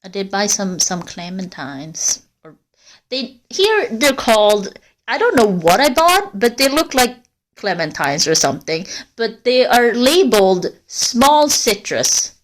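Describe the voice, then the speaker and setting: A woman chats loosely with her viewers while walking outdoors through a forest, cold and rambling from one thought to the next. Her voice sits at an ordinary middle pitch and her language is casual and full of swearing. Her loudness rises and falls as she moves. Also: very animated, measured pace. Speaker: livestreamer.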